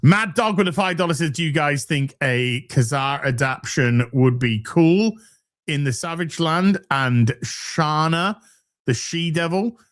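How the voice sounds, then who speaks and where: This male podcast co-host has a slightly high voice and talks a bit slowly. Reading donations from viewers on a laid-back online show, he stays animated, curses freely, and laughs a lot.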